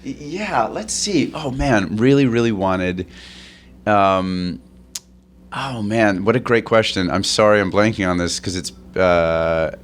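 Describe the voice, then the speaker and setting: A man with a somewhat low voice shares a story as a guest in a relaxed interview. He rambles, trips over his words and laughs along the way. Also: slow pace, slight background noise. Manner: rambling, restarts and stammers; animated, laughs through stories. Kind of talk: casual anecdote-telling.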